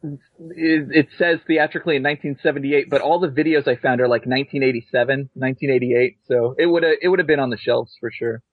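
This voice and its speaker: A man's voice: medium pitch, fairly even intonation, a little fast, no echo. A man guesting on a podcast, chatting casually and easygoing, often restarting his sentences. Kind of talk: casual chat. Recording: dry tinny phone-like line.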